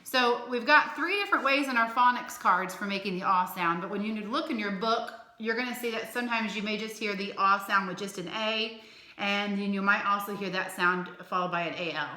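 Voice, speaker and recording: A woman with a bright, clear voice teaches young children phonics, slowly sounding out words in an encouraging way. Her voice rings around an echoey room. She talks at an ordinary pitch. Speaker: elementary school teacher. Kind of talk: recorded remote phonics lesson for young children.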